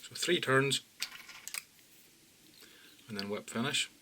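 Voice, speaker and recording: A man calmly talking through fly-tying steps as an instructor, often dropping low and quiet. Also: slow pace, slight background noise. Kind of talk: step-by-step tutorial narration.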